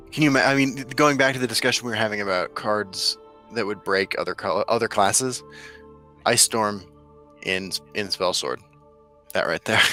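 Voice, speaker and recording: A man co-hosting a casual gaming podcast, relaxed and agreeable in conversation. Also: lowish voice. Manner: relaxed, agreeable, reads an announcement in a mock radio announcer voice. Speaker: podcast co-host.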